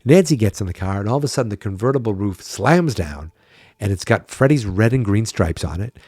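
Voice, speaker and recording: A man's voice: on the low side, animated, fairly quick, darkish tone, slightly rough, no echo, studio quality. A tired man hosting a podcast, chatting wryly and thinking aloud in a casual solo recap. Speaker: podcast host.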